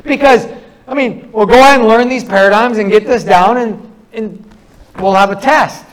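A middle-aged man delivers a sermon in a notably high voice. He speaks earnestly, leaning on stories and drawing out phrases with pauses between them. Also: rough recording. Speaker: preacher.

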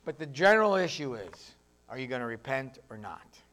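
A man's voice: mid-range voice, sing-song, fairly quick, fairly bright tone. A man preaching a sermon as pastor, in a plainspoken, conversational way, acting out voices of the people he quotes.

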